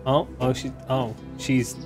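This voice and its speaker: A woman's voice: very deep voice, flat delivery, unhurried, over music. A woman hosting a co-op gameplay video, chatty, teasing and reassuring. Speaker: gaming channel host. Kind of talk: casual co-op gameplay chat.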